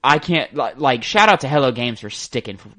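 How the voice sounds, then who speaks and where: Dude on a gaming podcast, chill, cusses a lot, pretty opinionated. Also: male voice, mid-range voice, a little fast. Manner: swears freely, relaxed and opinionated. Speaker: podcast co-host. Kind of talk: casual gaming podcast chat.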